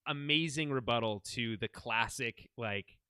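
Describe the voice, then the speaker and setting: A man co-hosting a casual recap podcast, animated and laughing often, swearing now and then. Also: medium pitch, unhurried, clean tone, no echo. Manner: animated, laughs often, quotes characters in asides. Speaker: podcast co-host.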